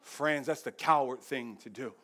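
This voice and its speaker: A man pastor preaching a sermon to his church, emphatic and humorous, swinging from quiet reflection to loud exhortation while speaking straight to the congregation. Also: medium pitch, normal speed. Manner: addresses the congregation directly, storytelling with humor. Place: church service.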